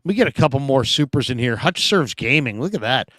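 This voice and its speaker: A man's voice: medium pitch, lively intonation, brisk, fairly bright tone. A man hosting a casual sports talk show, chatting about football and reading out viewer comments with playful asides. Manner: chatty, reads out fan messages with playful asides.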